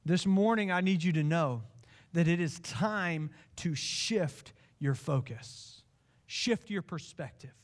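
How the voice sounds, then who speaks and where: A man preaching a sermon as pastor, impassioned, swinging from hushed lines to pleading ones. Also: a little high.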